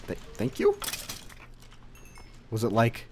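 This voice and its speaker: Young male let's-player, low-pitched and very animated, cursing at everything, slight background noise. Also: moderate pace. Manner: swears a lot, animated outbursts, talks to game mobs. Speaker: gaming video creator. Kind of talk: let's play commentary.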